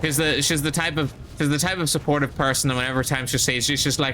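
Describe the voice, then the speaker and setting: Young male streamer, a bit drunk, excitable and rambling, sharp bright tone, faint hiss behind. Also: mid-range voice, fast talker, hardly any pauses. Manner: rambling, excitable, with restarts and laughs. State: tipsy. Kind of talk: casual live-stream chat.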